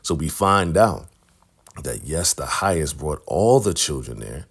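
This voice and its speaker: A middle-aged man with a husky bass voice, speaking a little slowly, casually recaps a TV episode as a recap host. He retells scenes with animation, acting out the characters' lines and quotes.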